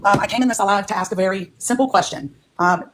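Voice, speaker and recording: Fast-talking older woman, firm and pointed. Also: medium pitch, a little hiss or hum. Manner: firm, insists she is being respectful. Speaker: livestream guest. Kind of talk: heated livestream argument.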